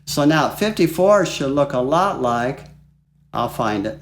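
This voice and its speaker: A man teaching flute in a relaxed, chatty way, walking through a piece and singing phrases aloud. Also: medium pitch, a little slow. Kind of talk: music lesson. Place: home studio.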